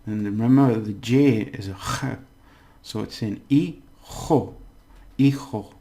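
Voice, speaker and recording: Guy teaching a language lesson, real slow and patient, gravelly voice. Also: lowish voice, warm tone. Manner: slow, patient, overpronounces example words. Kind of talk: casual spoken language lesson.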